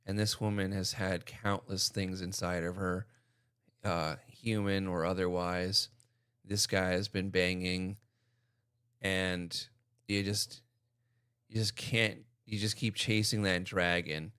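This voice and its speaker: Profane man in a dry, smooth commentary voice. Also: low voice, little pitch movement, slow, fairly bright tone, no room sound. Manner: blunt, profane, riffing. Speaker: reaction video host. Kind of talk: crude reaction commentary.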